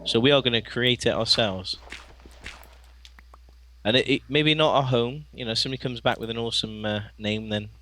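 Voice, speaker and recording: A man co-playing a let's play, talking casually with frequent laughs and lots of halting fillers. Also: mid-range voice, fairly bright tone, a little hiss or hum. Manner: chatty, laughs often, halting with many fillers. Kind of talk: casual gameplay chat.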